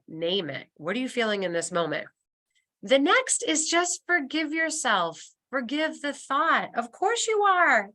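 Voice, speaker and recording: A woman with a medium-pitched, sharp-toned voice presents a webinar. She works as a senior move manager and speaks in an encouraging, coaching style.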